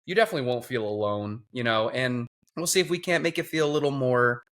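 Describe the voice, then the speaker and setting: A man's voice: medium pitch, expressive, quick pace, a bit bright. A laid-back man hosts a casual podcast conversation, his voice sitting in an ordinary middle range. He talks easily and throws in light jokes. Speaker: podcast host; former teacher.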